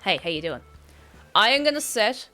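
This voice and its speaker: A woman streaming a video game, chatting casually and gushing, often dropping into excited whispers. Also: medium pitch, moderate pace, soft background music.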